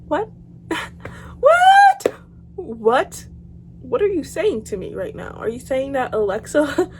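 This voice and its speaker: A teenage girl vlogger reacting to horror stories, dramatic and casual, swinging between loud outbursts and quiet mutters and swearing freely. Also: sits high, slight background noise. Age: teens. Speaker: YouTuber.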